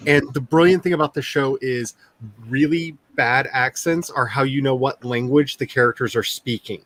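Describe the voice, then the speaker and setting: Guy hosting a chill writing stream, mid-pitched, chatty and gushing, laughs a lot. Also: moderate pace. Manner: animated, gushing, laughs often. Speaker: author and stream host. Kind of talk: casual chat on a writing stream.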